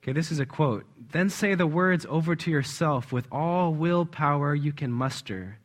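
A man's voice: on the high side, normal speed. A man preaching in a conversational way, stressing words with emphasis and chuckling often. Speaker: church speaker. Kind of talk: conversational sermon.

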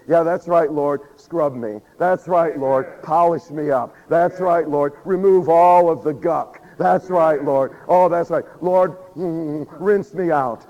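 Guy preaching, kinda high voice, getting hoarse, acts out prayers, long reverb off a big hall, dull lo-fi sound. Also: measured pace. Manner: animated, acts out prayers and quotes, laughs often. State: losing his voice. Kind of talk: sermon.

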